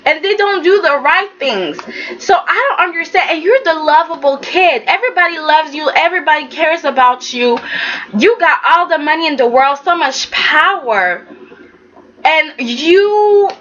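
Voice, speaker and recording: A woman giving a casual, animated recap of a soap opera episode, talking straight at the characters. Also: high voice, moderate pace, lo-fi sound.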